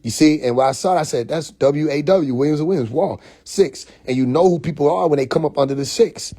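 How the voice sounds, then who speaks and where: A man telling a story on a phone livestream, animated and profane, full of restarts and acted-out quotes. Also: on the high side, fairly quick. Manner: profane, confrontational. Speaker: livestream host. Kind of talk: casual livestream monologue. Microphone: phone mic.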